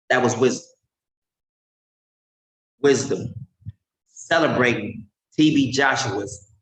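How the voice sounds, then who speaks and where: A man's voice: mid-range voice, a bit bright. Emphatic, mocking preacher man. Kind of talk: animated sermon-style commentary. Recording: roomy echo.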